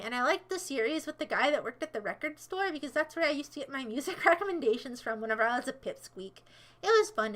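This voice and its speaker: A woman's voice: high-pitched, sharp tone. An American woman livestreaming, chatting casually and answering chat in a sarcastic, rambling, playfully scolding way.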